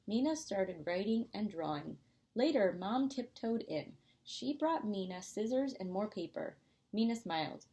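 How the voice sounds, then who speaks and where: A woman, a preschool teacher, reading a picture book aloud in a gentle storytime voice. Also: mid-range voice, animated, a little slow.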